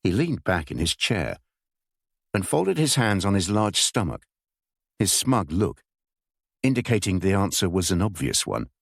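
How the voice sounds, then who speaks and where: A man reading a thriller aloud in measured, expressive scripted narration. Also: deep voice, gravelly, no room sound, studio quality. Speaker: audiobook narrator.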